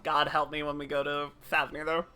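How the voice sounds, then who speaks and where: A woman's voice: low-pitched, completely flat delivery, brisk, bright, forceful tone, faint music behind. A woman streamer chatting casually while playing, rambling with fillers and laughs. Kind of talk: casual live-stream chat.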